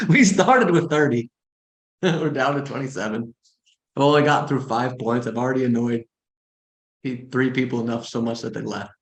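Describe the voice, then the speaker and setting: Blunt, animated man coaching in a roomy space. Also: medium pitch, normal speed, long pauses. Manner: blunt, animated, sarcastic asides. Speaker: real estate coach. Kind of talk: informal training talk. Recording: roomy echo.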